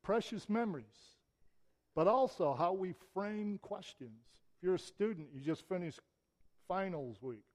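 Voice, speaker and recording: A middle-aged man from Michigan preaching a sermon, telling personal stories in a conversational way with emphatic rises. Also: a little high. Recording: long church reverb.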